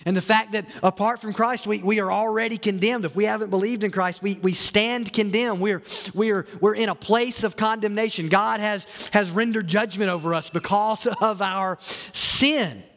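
A man's voice: high voice, steady tone, moderate pace, a bit bright, in a large hall. A man preaching a sermon as a pastor, earnest and often repeating or restarting his words.

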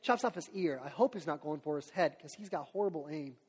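Male pastor, high voice, chatty animated sermon, long hall reverb. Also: brisk, breathy edge. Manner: conversational, animated storytelling.

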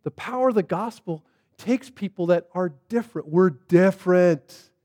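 A man's voice: high voice, animated, normal speed, mellow, long reverb tail. A man preaching a sermon, telling the story casually and animatedly, with plenty of fillers. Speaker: pastor.

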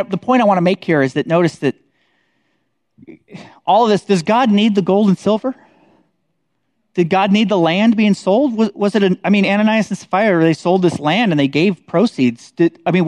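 A man with a somewhat high voice gives a relaxed Bible teaching, speaking conversationally and checking in with his listeners as he goes. The sound is dry, with no room echo. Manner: conversational, many "like" and "right?" tags.

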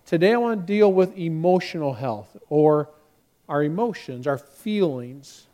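Male pastor, sermon, high voice, animated delivery, acts out quotes, church sanctuary. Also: unhurried. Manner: animated preaching, acts out quotes with rising force.

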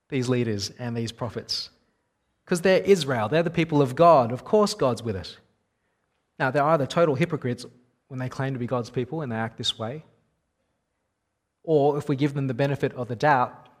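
A man in his thirties preaching a sermon in a conversational, wry storytelling manner. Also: mid-range voice.

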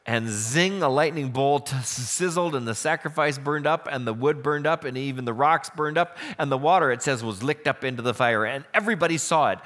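A pastor preaching a sermon, retelling a scripture story with lively storytelling. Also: male voice, mid-range voice, long reverb tail.

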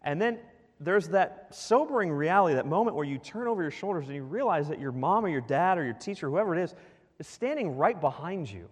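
A male pastor preaching a sermon in a church, animated and full of rhetorical questions to the congregation. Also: fairly high pitch, brisk. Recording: long reverb of a large hall.

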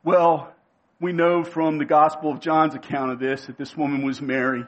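A male preacher giving a sermon. He speaks emphatically, repeats key phrases and slows down to give them weight. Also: fairly high pitch, level tone, muffled recording.

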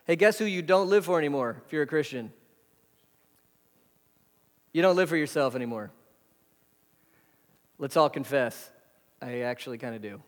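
A pastor preaching a sermon in a conversational way, full of rhetorical questions. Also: male voice, fairly high pitch, moderate pace, long pauses. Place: church hall. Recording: hall reverb.

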